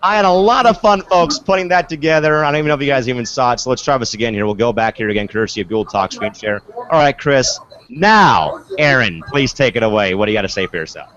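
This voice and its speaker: A man's voice: medium pitch, fast talker, a bit bright. A man hosting a casual online sports show, with a mid-range voice. He talks chattily and keeps saying "of course" and "folks." The audio is dull and lo-fi, like a web call. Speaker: podcast host.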